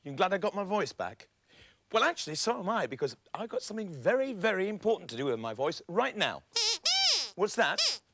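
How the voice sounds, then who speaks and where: A man presenting a children's TV show, playful and expressive as he talks to puppets. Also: sits high, a little fast, dry recording.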